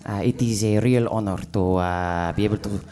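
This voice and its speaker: A man's voice: on the low side, moderate pace, mellow, close to an everyday voice. An actor playing a fawning male Spanish journalist with a put-on Spanish accent in an improvised comedy radio play, hesitant and full of filler sounds. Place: live stage before an audience.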